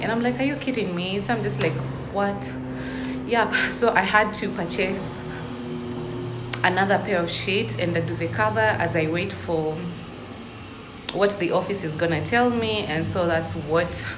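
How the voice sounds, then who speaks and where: A young woman vlogging casually at home, ranting in exasperation with lots of emphatic "literally". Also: deep voice. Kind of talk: casual vlog monologue. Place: indoors at home. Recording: echoey room, faint ambient noise.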